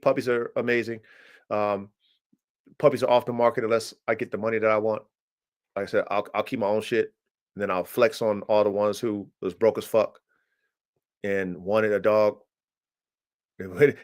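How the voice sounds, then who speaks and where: A man's voice: steady tone, moderate pace, long pauses, darkish tone. A man hosting a livestream about his working dogs, boastful and profane, speaking. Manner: boastful, swaggering and profane, pitch jumping up when hyped. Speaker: dog breeder hosting a livestream. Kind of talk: casual livestream monologue. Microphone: streaming mic.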